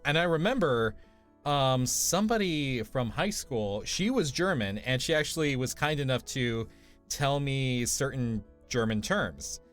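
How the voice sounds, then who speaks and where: A man chatting casually on a live stream, laid-back and hesitant, often pausing on fillers and laughing easily. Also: mid-range voice, expressive, fairly bright tone, soft background music. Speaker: streamer co-host. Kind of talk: casual chat.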